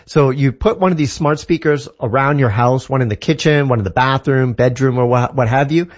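A man from Canada talks up a new gadget with eager enthusiasm, rambling through fillers and restarts as he explains it. His pitch sits in an ordinary middle range. The audio comes through dull and muffled. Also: brisk. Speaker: tech guest. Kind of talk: casual tech talk segment.

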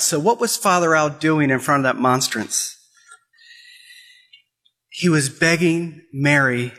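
A man's voice: a little high, pushed and bright. A man giving an impassioned Catholic talk, repeating phrases and pressing urgent questions. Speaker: Catholic speaker.

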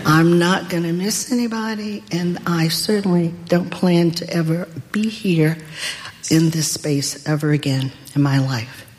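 An older woman telling a personal story in a deliberate, wry way. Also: fairly low pitch, fairly even intonation, a little mellow, slight background noise. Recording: long hall reverb.

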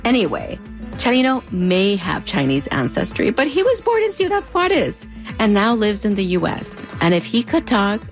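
A woman's voice: mid-range voice, sing-song, normal speed, faint music behind. A woman with a US-Mexico border accent narrating a video essay in a conversational, wry way. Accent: US-Mexico border Spanish-tinged English. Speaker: host.

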